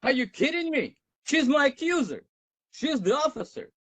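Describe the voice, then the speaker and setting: Combative high-voiced man arguing in court. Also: sing-song, normal speed, fairly bright tone, no echo, poor audio. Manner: combative, interrupting, insistent. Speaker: defendant in traffic court. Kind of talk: arguing his case.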